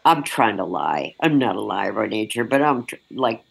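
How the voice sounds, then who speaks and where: A woman's voice: rumbling low, big pitch swings, normal speed, creaky, breathy edge, rough recording. A woman journalist telling a field story frankly in an interview, laughing now and then as she speaks. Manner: breaks into laughter while recounting, vivid and frank. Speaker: journalist recalling a field assignment.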